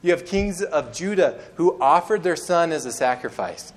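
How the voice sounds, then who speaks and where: A man's voice: fairly high pitch, expressive, moderate pace. Storytelling young male preacher. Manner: storytelling with acted-out quotes; conversational, restarts words. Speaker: pastor. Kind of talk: sermon.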